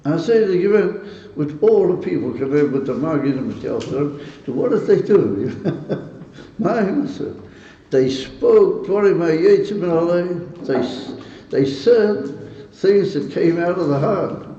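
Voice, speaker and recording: High-voiced rabbi in an echoey hall. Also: male voice, animated, a little slow, mellow. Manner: earnest, quizzes listeners, laughs between points; stirred and emotional about the topic. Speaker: rabbi leading a Hasidic gathering. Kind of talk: informal teaching talk to a gathering. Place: synagogue hall. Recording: echoey hall, dull lo-fi sound.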